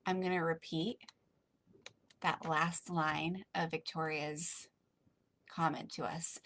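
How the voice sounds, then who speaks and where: A woman's voice: deep voice, level tone, slow, pauses often, fairly bright tone. A woman coaching a group of women live online, encouraging and soothing as she leads breathing and affirmations.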